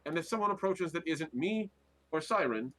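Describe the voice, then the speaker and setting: A man's voice: a little high, expressive, moderate pace, a bit bright, voice pushed up. An actor playing a wry, laid-back male netrunner with a dry, shrugging delivery. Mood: commanding.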